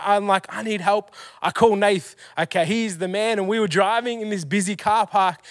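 A young man gives a casual youth sermon in a bright, high voice. He tells stories full of slang and pokes fun at himself. The sound is dry and close, with no room around it. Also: no room sound. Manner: energetic storytelling with slang and self-mocking humor. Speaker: youth pastor.

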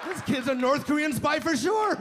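A man performing stand-up in a comedy club, telling a story with quick character voices. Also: extremely high pitch, expressive, crowd noise, background noise. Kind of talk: stand-up set. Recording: live club with loud laughter.

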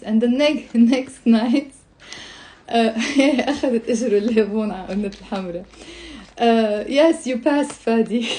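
Woman, language teacher, live-streamed lesson, fairly high pitch, warm tone, chatty, frequent laughs. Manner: chatty, greets viewers mid-explanation, laughs often; repeats and drills Arabic phrases slowly. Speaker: Lebanese Arabic teacher.

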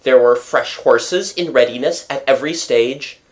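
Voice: medium pitch, close to an everyday voice. A reader voicing a smug police commissary. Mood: probing. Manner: measured, lecturing, pleased with himself. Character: smug self-satisfied police commissary, man.

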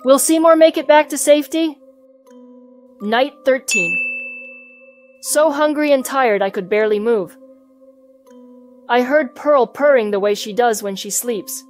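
Woman, children's storybook read-aloud, fairly high voice, even clear delivery, soft music underneath. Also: unhurried, pauses often. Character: hamster narrator telling his own story. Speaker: storybook reader.

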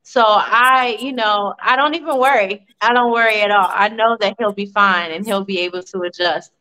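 A woman in her forties from Virginia, a podcast guest and mother, telling family stories in an animated, chatty interview. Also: mid-range voice, moderate pace, rough recording. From Virginia, USA. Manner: animated, warm storytelling with laughs. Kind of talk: casual interview storytelling.

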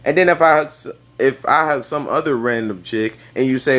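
A young man giving a casual video-response rant, exasperated, jumping into high squeaky outbursts. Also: brisk, a bit bright. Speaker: vlogger.

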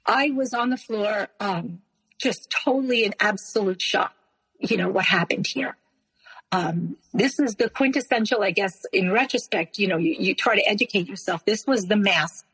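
Breathy woman telling her story, reverberant. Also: medium pitch, a bit bright. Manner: halting, with many restarts and repeated words. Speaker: interview guest. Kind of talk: emotional personal storytelling.

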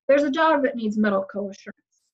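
Reading aloud a little fast in a highish voice, a woman lightly acts out an arrogant, impatient fairy-tale prince. She makes him cold, curt and commanding, and the lo-fi recording sounds slightly muffled.

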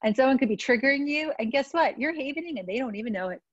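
A woman's voice: sits high, lively intonation, fast talker, no echo. Frank, casual woman coach from New York. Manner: casual, frank, demonstrates moves while talking. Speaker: stress and trauma coach. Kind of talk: teaching self-soothing techniques. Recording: dry, slightly dull sound.

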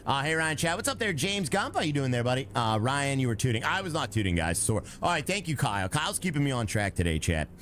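A man's voice: mid-range voice, very animated, fast talker, hardly any pauses, fairly bright tone, slight background noise. A young man streaming a game live, chatting casually, laughing often and reading out messages from his chat, with music playing behind him.

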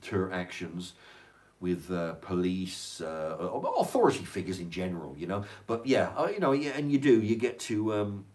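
An older man with a low, darkish voice talks in a sing-song manner at normal speed. As a livestream host reading chat, he keeps it casual and rambling, repeating words and swearing.

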